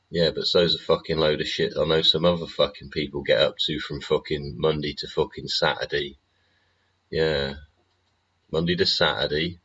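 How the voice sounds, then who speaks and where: Deep husky man ranting. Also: a bit bright. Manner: profane, ranting, full of tag questions. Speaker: livestream host. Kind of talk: rambling livestream monologue. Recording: muffled lo-fi stream audio.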